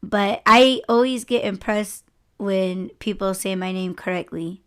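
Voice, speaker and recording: A young woman hosting a podcast in casual chat, telling animated stories and acting out what other people said. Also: mid-range voice, unhurried, clear, resonant tone. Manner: animated storytelling, frequent laughter, acts out others' lines. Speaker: podcast host.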